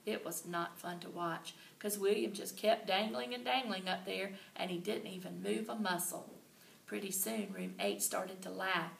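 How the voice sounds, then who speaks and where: Expressive woman reading aloud, bright and gravelly, recorded far off in a roomy space. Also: medium pitch, moderate pace, slight background noise. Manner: lively, expressive storytelling. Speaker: reader. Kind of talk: reading a children's book aloud. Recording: roomy and distant, faint ambience.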